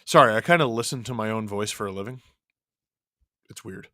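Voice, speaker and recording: A man hosting a live stream, casually calling a hockey game and chatting, his voice worn a little deeper from long talking. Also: a little fast, pushed and bright, no room sound, studio quality. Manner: chatty, reacting to the game and chat as it happens. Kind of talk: casual live play-by-play and chat.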